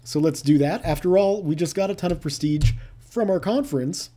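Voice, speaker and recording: A man's voice: fairly high pitch, normal speed, mellow. A man giving casual let's-play commentary, thinking aloud with playful asides. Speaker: gameplay commentator.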